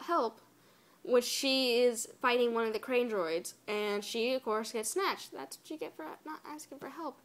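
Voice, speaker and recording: A woman with a fairly high voice reviews a cartoon episode in a loose, chatty way. She sounds exasperated at the plot and leans on "like" as she talks. Now and then she drops into a whispered aside. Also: lively intonation, measured pace, a bit bright. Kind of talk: casual spoiler review.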